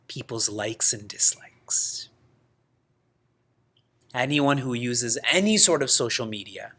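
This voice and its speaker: A man teaching a scripture class, telling stories in a lively way, laughing often and using Sanskrit terms. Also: medium pitch, slightly rough. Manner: lively storytelling with frequent laughs. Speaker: spiritual teacher.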